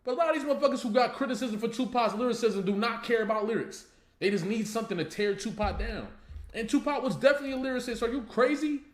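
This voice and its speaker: A man's voice: very high-pitched, fast. Slangy, profane man in an echoey room. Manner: slangy and profane, with frequent restarts and fillers. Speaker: host reacting to a rap track. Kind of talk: casual commentary and song breakdown. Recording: roomy echo, faint music behind.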